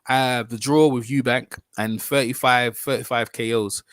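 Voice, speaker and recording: A man's voice: medium pitch, steady tone, unhurried, fairly bright tone, no room sound. A man hosting a casual boxing live stream, rambling and chatting with his viewers. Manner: rambling, chatty, talks to viewers, self-corrections.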